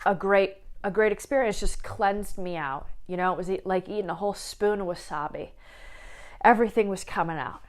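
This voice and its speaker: Chatty emotional young woman. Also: medium pitch. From small town, Midwest US. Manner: chatty, emotional, laughs and tears up while talking. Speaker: book vlogger. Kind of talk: casual chat.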